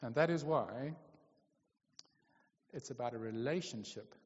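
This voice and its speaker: A man's voice: mid-range voice, a little slow. A man preaching a sermon in a conversational way, often checking in with his listeners. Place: church hall. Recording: lo-fi, echoey hall.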